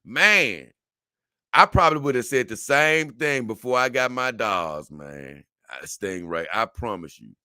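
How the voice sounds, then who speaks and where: A man hosting a casual talk show, his voice bright and forceful as it swings up and down in lively pitch. He rambles and often stumbles over repeated words, and the sound is close and dry with no room echo. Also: measured pace, clear, resonant tone. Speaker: show host. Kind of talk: casual talk show, reading viewer comments.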